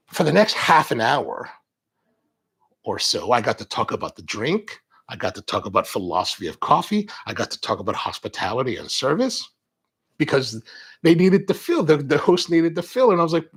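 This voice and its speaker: A man hosting a coffee show, chatting with viewers and telling animated stories. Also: mid-range voice, breathy edge. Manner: animated storytelling, acts out quoted exchanges. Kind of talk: live-stream chat with viewers.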